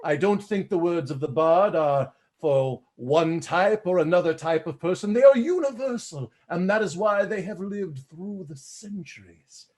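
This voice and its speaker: A man's voice: high voice, measured pace, few pauses, darkish tone. A man improvising a grandiose, theatrical expert in a comedy scene over a video call. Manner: grandiose, theatrical, laughs often. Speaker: improv performer playing a Shakespeare expert.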